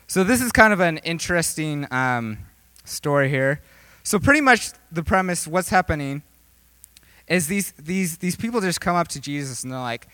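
A man's voice: on the high side, lively intonation, normal speed, pushed and bright, smooth, no echo. A young man preaching a casual, joking sermon, rambling with lots of fillers. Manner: rambling, filler-heavy, jokey. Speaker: youth preacher.

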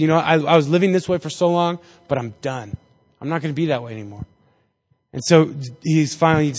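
A man's voice: on the high side, darkish tone. A man giving a casual, joking Bible lesson to a group, acting out the people in the story as he goes. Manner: chatty and jokey, acting out voices in the story. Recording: reverberant hall.

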